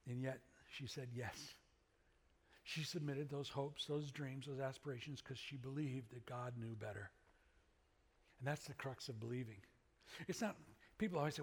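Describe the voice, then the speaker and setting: A man's voice: medium pitch, a little fast, slightly rough. Man preaching in a reverberant hall. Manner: conversational, swings from loud animated bursts to quiet earnest asides. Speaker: pastor. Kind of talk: sermon.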